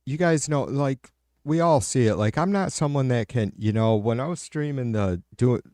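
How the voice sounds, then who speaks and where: A man's voice: mid-range voice, moderate pace, dark tone, dry recording, studio quality. A middle-aged man hosting a livestream, chatting casually with viewers and answering their comments aloud in a profane, rambling way. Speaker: livestream host.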